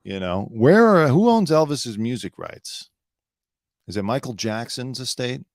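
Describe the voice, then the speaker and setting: A man's voice: mid-range voice, animated, a little slow, a little mellow, no room sound, clean studio sound. A man hosting his own show, talking casually and sarcastically, rambling and swearing freely. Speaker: show host. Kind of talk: casual solo commentary.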